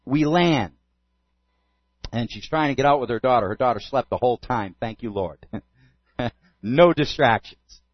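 A man's voice: mid-range voice, measured pace, long pauses, dry recording, highs cut off. A man, a pastor, telling a story in a sermon and acting out both sides of a conversation.

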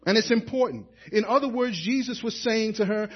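A man's voice: high voice, steady tone, fairly quick, hardly any pauses, lo-fi sound. A man preaching a sermon as pastor, building emphasis and calling to the congregation for an amen.

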